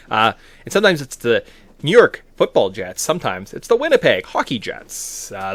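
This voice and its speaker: A man's voice: medium pitch, sharp tone, no room sound. A man from Canada co-hosting a casual sports podcast, tossing in playful jokes between his takes. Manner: joking, playful asides. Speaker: podcast co-host.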